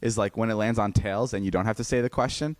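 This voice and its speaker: A young man telling a story in casual podcast chat, animated and swearing a lot, with many fillers and restarts. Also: fairly low pitch, fast, dry recording. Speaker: podcast guest.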